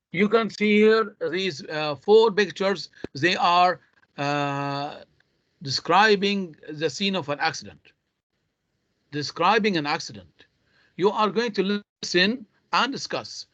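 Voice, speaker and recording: A man's voice: a little high, fairly bright tone, no echo. A man teaching English in an online class. He speaks, his tongue is Arabic, and he explains patiently, step by step. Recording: dull lo-fi online call audio.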